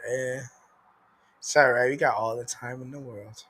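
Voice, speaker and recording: A man's voice: mid-range voice, fairly even intonation, normal speed, a bit bright. A young man co-hosting a podcast, laid-back and laughing often at his own crude jokes. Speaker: podcast co-host. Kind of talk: casual chat.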